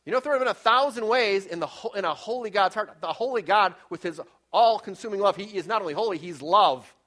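A male preacher delivering a sermon with scripture readings, fervent and emphatic, often slowing down to stress key points. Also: sits high, a bit bright. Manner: fervent, emphatic, varies pace for effect. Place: church with slides.

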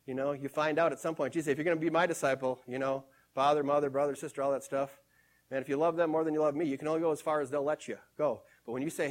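A male preacher delivering a sermon, repeating scripture phrases with emphasis and swinging between hushed and loud passages. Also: a little high, steady tone, fast talker.

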